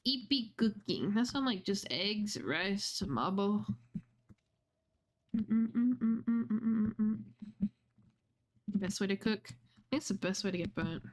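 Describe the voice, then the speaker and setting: A woman's voice: medium pitch, lively intonation, moderate pace. A woman streaming a video game, chatting casually with her viewers, reading out their messages and answering them, with casual swearing. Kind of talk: casual gaming livestream chat.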